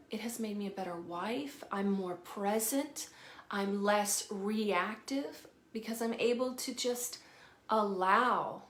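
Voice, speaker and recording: A woman with a Southern drawl speaks as a healing coach, chatting to camera in a frank, casual way. She swears freely and laughs easily, her voice sitting at an ordinary pitch. The room gives her words a noticeable echo. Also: a bit bright. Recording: roomy echo.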